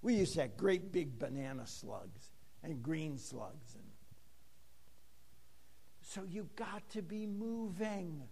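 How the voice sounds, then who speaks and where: High-voiced older man preaching slowly. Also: expressive, vocal fry, warm tone, husky, big-room sound. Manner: folksy storytelling with acted-out dialogue. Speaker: pastor. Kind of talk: sermon.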